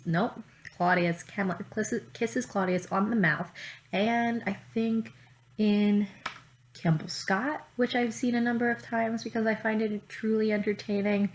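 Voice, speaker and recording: A woman vlogging in casual chat, talking in a chatty, profane way with quick asides. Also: medium pitch, steady tone. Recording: roomy echo, faint ambience.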